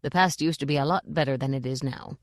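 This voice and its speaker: A woman reading aloud, voicing the quiet, brooding thoughts of a stern old witch in a lower, softer tone. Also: quick pace, no room sound, clean studio sound.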